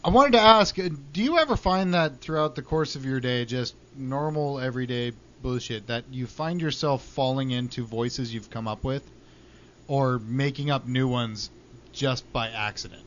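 A man's voice: mid-range voice, moderate pace. A man co-hosting a podcast in casual chat, swearing freely and telling stories with energy. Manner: swears freely, animated storytelling. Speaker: podcast co-host. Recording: dull lo-fi podcast audio with faint noise.

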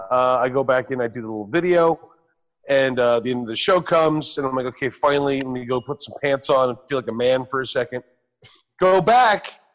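A middle-aged man casually telling a self-mocking, profane story on a talk show, acting out the other people's lines. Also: medium pitch. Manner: profane, self-mocking, acts out quoted voices.

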